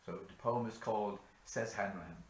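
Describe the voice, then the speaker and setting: A man from rural Ireland, reciting a bush poem in a measured, theatrical storytelling voice. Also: on the low side. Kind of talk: poetry recitation. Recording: echoey room.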